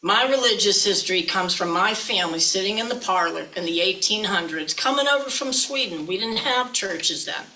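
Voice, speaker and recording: A woman minister preaches in a chatty, folksy way, teasing her listeners now and then. Her voice is bright and clear at a middling pitch. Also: lively intonation, moderate pace, few pauses, rough recording. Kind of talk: sermon.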